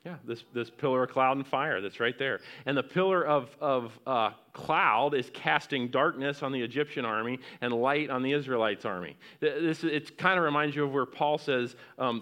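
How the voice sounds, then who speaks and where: Bright, clear-voiced preaching man. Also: mid-range voice. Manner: swings from loud rising exhortation to hushed near-whispers; asks the congregation questions and reads scripture aloud. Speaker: pastor. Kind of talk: sermon.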